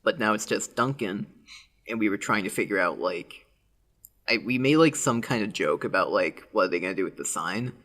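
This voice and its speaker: A man's voice: lowish voice, lively intonation, moderate pace, fairly bright tone. A young man co-hosting a podcast in casual chat, rambling with lots of fillers and giggles. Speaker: podcast co-host.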